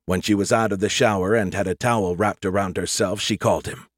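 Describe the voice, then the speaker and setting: A man narrating an audiobook in a steady, measured reading. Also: sits low, husky, no room sound, clean studio sound.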